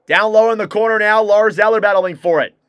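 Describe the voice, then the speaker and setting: A young man streams live hockey play-by-play as a fan, calling the action quickly and reacting with excitement. His high, clean-toned voice comes through at studio quality with no room sound.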